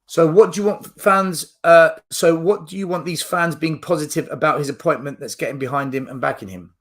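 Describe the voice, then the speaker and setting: A man's voice: fairly high pitch, brisk. A man hosting a football fan channel, ranting to camera in a blunt, argumentative way. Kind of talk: fan opinion rant to camera.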